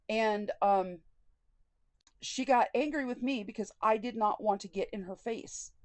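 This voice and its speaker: A woman's voice: fairly high pitch, moderate pace, dry recording. Candid woman telling a personal story. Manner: candid and indignant, with frequent quoted dialogue. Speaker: vlogger.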